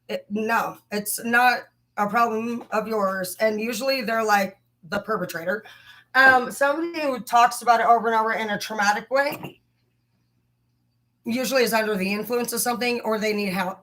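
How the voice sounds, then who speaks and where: Young female livestream host with a bright tone, rambling and cursing. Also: fairly high pitch, low-quality recording. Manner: profane, heated, rambling. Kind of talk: casual livestream rant.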